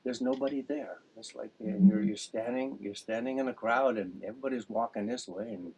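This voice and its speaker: A man's voice: mid-range voice, fairly quick, vocal fry, a little mellow, husky, rough recording. A man teaching a music class over a video call, rambling through homely analogies. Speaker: dulcimer teacher. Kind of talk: casual class introduction.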